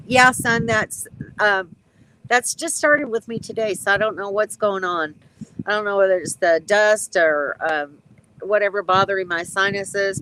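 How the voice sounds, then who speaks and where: A woman in her sixties, a retired nurse, chatting casually on a live stream from her backyard, with a stuffy, runny nose, clearing her throat and chuckling. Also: mid-range voice, fairly bright tone, a little hiss or hum, rough recording. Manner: chatty, reads out comments, frequent ums and chuckles.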